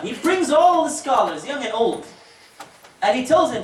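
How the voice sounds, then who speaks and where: A man giving a storytelling sermon as an imam, animated, with joking asides to the audience. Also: very high-pitched, normal speed. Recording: echoey hall, distant mic, faint noise.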